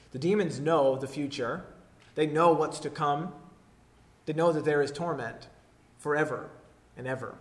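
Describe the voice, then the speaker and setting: A man preaching a sermon, moving between hushed, intimate lines and loud, forceful declarations. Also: on the high side, normal speed, long pauses. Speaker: pastor.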